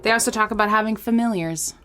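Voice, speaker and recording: A woman's voice: medium pitch, fast talker, fairly bright tone, a little hiss or hum. A woman co-hosting a podcast in casual chat, giggling often as she talks. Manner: giggly, laughs often while talking. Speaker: podcast co-host.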